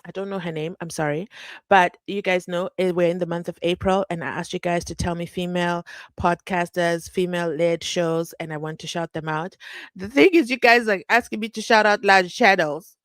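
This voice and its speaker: Woman, livestream host, lower voice, chatty and animated, dry close mic. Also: normal speed, no echo. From South Africa. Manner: chatty, animated, reads comments aloud. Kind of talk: casual live commentary.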